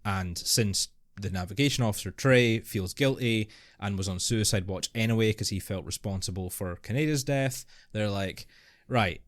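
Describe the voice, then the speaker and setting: Calm man explaining a plot. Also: on the low side, moderate pace, few pauses, dry recording, studio quality. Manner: patient, defending and explaining plot. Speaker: podcast co-host. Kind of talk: casual film review chat.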